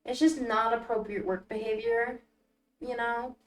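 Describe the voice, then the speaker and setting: A woman's voice: a little high, fairly even intonation, a little slow, reverberant, distant mic, poor audio. A young adult woman streaming a story game, reading narration aloud and making playful, dramatic asides.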